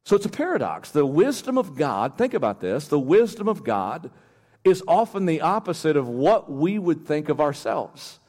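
A male pastor delivering a sermon, emphatic and building to near-shouting, with restarts and chuckles. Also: on the high side, very animated, moderate pace. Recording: long church-hall reverb.

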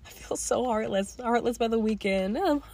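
A teenage girl hosting her own podcast, talking in a candid, rambling way with casual swearing and a voice going a little hoarse. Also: fairly high pitch, moderate pace, a little mellow. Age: teens. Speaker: podcast host. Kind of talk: casual reflective monologue.

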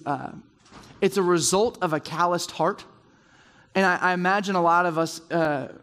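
A man with a high voice preaches in a conversational way to a roomful of men at round tables, slipping into quoted inner voices to make his points. His words carry a long hall reverb behind them. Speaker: speaker at a men's group. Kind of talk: sermon. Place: large room with round tables.

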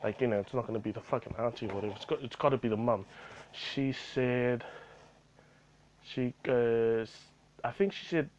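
A man's voice: medium pitch, normal speed, a little mellow, highs cut off. A man telling a rambling story about his retail job in a casual vlog, full of fillers and swearing.

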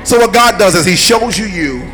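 A man preaching a sermon in an animated way, telling stories with playful asides and building up to shouting. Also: high-pitched, moderate pace, over music.

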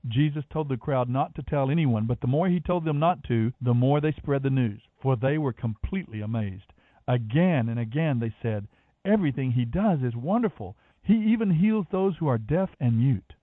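A man's voice: mid-range voice, dry recording. Man reading scripture, phone-line sound. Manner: measured, expressive reading of dialogue. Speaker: Bible reader. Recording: dry, phone-like narrow sound.

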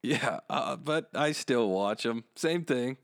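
A man co-hosting a podcast, easygoing and quick to laugh, rambling through plugs with fillers. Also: mid-range voice, lively intonation, creaky, fairly bright tone, clean tone, no room sound. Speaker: podcast co-host. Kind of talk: casual chat and show plugs.

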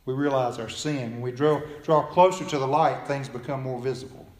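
A man preaching a sermon in earnest tones, often dropping soft and low at the ends of phrases. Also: a little fast, roomy sound. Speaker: pastor.

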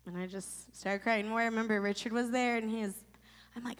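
Woman in her thirties from Florida, emotional and halting personal testimony, reverberant space. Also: fairly high pitch. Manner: emotional, halting, many restarts. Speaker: storyteller sharing a personal testimony. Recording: long reverb.

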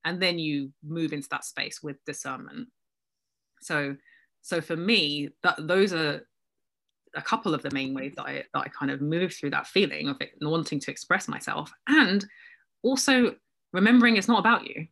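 A woman's voice: low-pitched, normal speed, gravelly, fairly bright tone. A woman guest speaking reflectively about her own doubts, self-deprecating and laughing often in a casual conversation. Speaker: guest, business coach.

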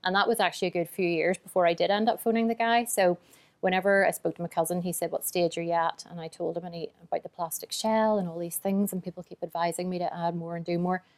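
A woman's voice: on the low side, fairly even intonation, fast talker. A woman founder telling her story in a casual interview, chatty and open, often quoting her own thoughts. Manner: chatty and open, tells stories through quoted inner thoughts; self-described emotional. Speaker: business founder and guest.

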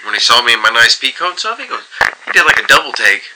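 A man's voice: mid-range voice, very animated, fast, background noise. A man co-hosting a podcast, telling workplace stories in casual chat, mimicking coworkers and swearing freely. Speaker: podcast co-host.

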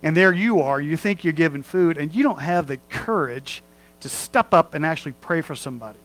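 Folksy preaching man, slightly high voice. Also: expressive, a little fast, a bit bright, low-quality recording. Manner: folksy, conversational preaching with asides and humor. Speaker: pastor. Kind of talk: sermon.

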